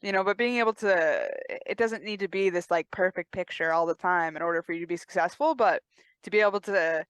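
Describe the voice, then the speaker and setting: A woman's voice: on the low side, fairly quick, fairly bright tone, smooth, dry recording. A woman co-hosting a casual podcast chat, talking in a reflective, laid-back way and swearing freely. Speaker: podcast co-host.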